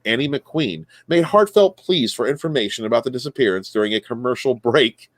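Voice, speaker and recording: A man's voice: mid-range voice, lively intonation, brisk, dry recording. A man hosting a casual podcast, reading news stories aloud, often stumbling, correcting himself and laughing.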